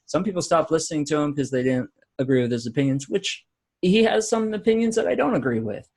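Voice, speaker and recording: A man's voice: a little high, animated, quick pace, gravelly, a little mellow. A man hosting a podcast in easygoing talk, often giving short agreeing replies. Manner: easygoing, many short backchannels. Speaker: podcast host. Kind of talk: casual podcast conversation.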